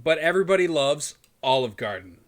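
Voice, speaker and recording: A man co-hosting a podcast in casual chat, with loud, crude, laughing banter. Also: a little high, expressive, fairly quick. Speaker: podcast co-host.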